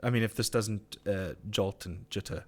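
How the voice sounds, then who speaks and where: A man's voice: lowish voice, moderate pace. Guy on a live stream, rants and swears, chats to viewers. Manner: ranting, swearing, reading viewer comments. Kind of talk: casual live chat.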